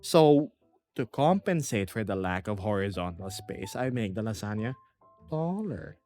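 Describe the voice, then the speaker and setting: A young man streaming from his small apartment, chatting casually with viewers and reading their comments aloud in a lively, self-deprecating way. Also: lowish voice, a little slow. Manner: animated, self-deprecating, reads chat aloud. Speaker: VTuber streamer. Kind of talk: casual livestream chat.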